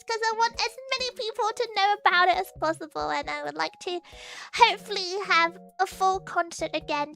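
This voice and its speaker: A very high-pitched young woman with a bright, forceful tone streams as a virtual streamer, chatting casually. She giggles often between phrases and tends to repeat her words.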